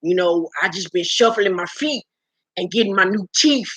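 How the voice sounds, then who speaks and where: A woman doing a comic impression of a grown man who mumbles around awkward new teeth, in a slow, laid-back drawl. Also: medium pitch, lively intonation, a bit bright, husky, dry recording, pitched below the performer's own voice. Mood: earnest. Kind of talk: comic impression in a video review.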